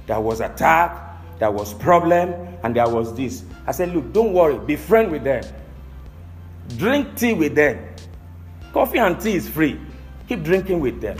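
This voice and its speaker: Pastor guy preaching hard, high voice, asks the crowd questions a lot. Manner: emphatic preaching with rhetorical questions to the congregation. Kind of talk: sermon.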